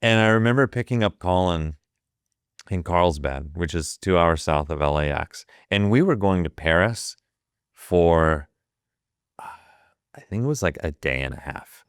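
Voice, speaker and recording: Low-pitched and animated, a man speaks at a measured pace with a clear, resonant tone, recorded dry in a clean studio. The guest, a fifties-aged photographer from Ohio, casually retells a story vividly, cursing a lot and acting out the quotes.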